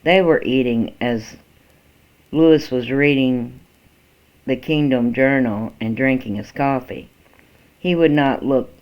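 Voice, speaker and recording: A man reading a first-person story aloud in a slow, halting way, with small restarts, on a dull lo-fi recording. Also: mid-range voice. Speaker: amateur story reader.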